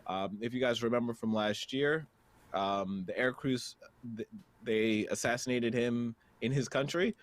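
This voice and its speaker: A man co-hosting a casual news podcast, reading stories aloud with halting fillers. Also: medium pitch, dry recording. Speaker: podcast co-host.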